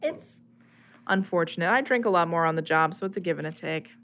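A woman playing a deadpan weary bartender. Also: lowish voice, a little fast. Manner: deadpan, hesitant, stumbling over words. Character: weary, dry-humored tavern bartender.

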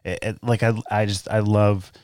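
A man's voice: lowish voice, normal speed, dry recording. A man chatting casually and loosely, rambling a bit as he talks. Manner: relaxed, rambling, with fillers. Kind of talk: casual chat.

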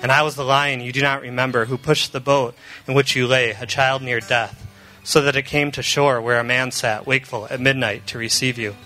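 A man voicing a great, wise male lion from a storybook, reading his lines slowly and gravely. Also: mid-range voice, little pitch movement, sharp tone, soft background music, pitched below the performer's own voice, lightly acted, rough recording. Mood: grave, solemn.

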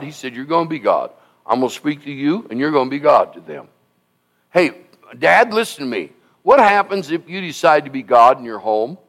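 A man's voice: a little high, fairly bright tone. A man in his seventies preaching a sermon, emphatic and exhorting, often repeating "listen to me" and reading scripture aloud. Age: 70s. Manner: reads scripture aloud in King James phrasing. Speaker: pastor.

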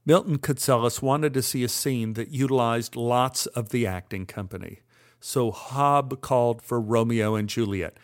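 A man's voice: mid-range voice, normal speed. An older man recounting a memory with wry, dry humor. He tells it as a storyteller would, with an easy, conversational flow. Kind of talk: personal storytelling monologue.

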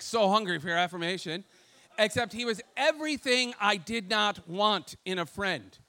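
A man giving a casual, animated preaching testimony with self-deprecating humor and lots of "like" fillers. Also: high voice. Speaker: speaker sharing testimony.

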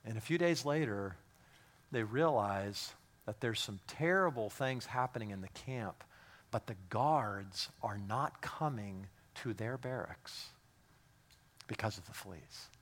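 A man preaching a sermon, telling stories in a hushed voice and then building to loud, emphatic exhortation with repeated words. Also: on the low side, expressive, slow. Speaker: pastor.

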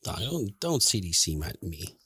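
A man's voice: low voice, very animated, normal speed, pushed and bright, breathy edge, no echo, clean studio sound. A middle-aged man co-hosting a podcast, telling rambling stories in casual chat and laughing often. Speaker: podcast co-host.

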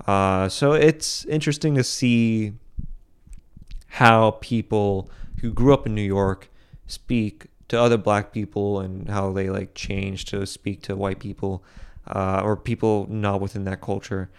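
Young guy from boston doing his own podcast, kinda low, super smooth voice, rambles and restarts a lot. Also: steady tone, measured pace. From Boston, USA. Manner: rambling, with frequent restarts and self-corrections. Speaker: podcast host. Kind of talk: solo podcast commentary.

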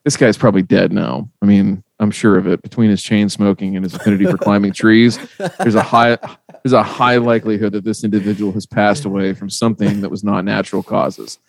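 Midwestern male podcast host, gravelly and fairly low, dry close sound; casual, salty, animated storyteller. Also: a little fast, dry recording. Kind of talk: casual chat.

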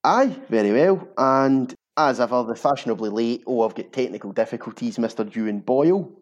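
A Scottish man hosting a football podcast, moving between a scripted intro, relaxed banter and plain reading of statements. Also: medium pitch, a little fast, lo-fi sound. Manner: steady, reads statements aloud plainly. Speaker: podcast host.

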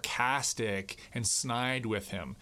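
A man's voice: medium pitch, slow pace, sharp tone. A man co-hosting a podcast, talking emphatically about a film with plenty of filler words and the odd curse. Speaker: podcast co-host. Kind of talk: casual film discussion.

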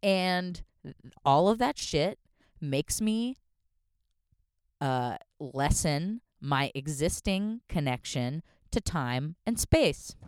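A young woman hosting a solo podcast from her car, a little hoarse, rambling and self-deprecating with lots of fillers. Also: deep voice, lively intonation, drawn-out words, a little mellow, no room sound, studio quality. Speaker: podcast host. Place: in a parked car.

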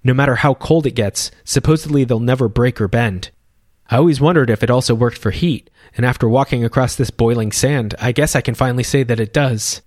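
A bright, eager young boy castaway, raised a little higher and earnest in his telling, as a male storyteller puts him on. The sound is close and dry, with no room around it. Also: a little fast, no room sound, lightly acted.

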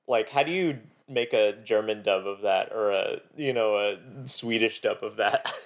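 A man with an average-pitched voice chats about an old film on a podcast. He drops in background facts and laughs easily. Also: a little slow. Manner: chatty, adds context, laughs easily. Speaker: podcast co-host. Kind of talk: casual film discussion.

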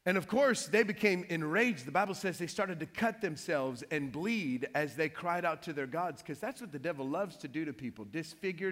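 Guy preaching, high bright voice, jokey storytelling. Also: big-room sound. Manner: lively storytelling with playful trash-talk asides. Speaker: pastor. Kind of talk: sermon.

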